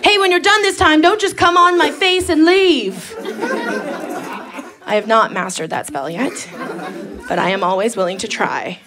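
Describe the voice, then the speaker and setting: A young woman doing a bawdy stand-up set on a club stage, slipping into quick acted-out voices. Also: fairly high pitch, lively intonation. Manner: brash, bawdy, acts out quick impressions. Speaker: stand-up comedian. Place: comedy club stage before a live audience. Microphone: handheld stage mic. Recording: live club recording with loud audience laughter. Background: crowd laughing.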